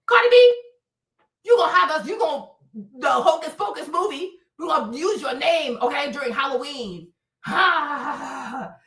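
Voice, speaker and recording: Loud, dramatic woman gossiping, high lively voice. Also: brisk, reverberant, recorded from a distance, rough recording. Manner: loud, dramatic, with shrieks and laughter; switches into Spanish phrases. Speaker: livestream host. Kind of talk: casual gossip commentary.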